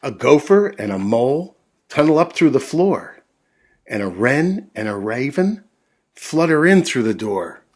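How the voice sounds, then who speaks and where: A man reading a children's picture book aloud in a gentle, drawn-out, expressive way, then chatting to the kids. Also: mid-range voice. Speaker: storyteller for children.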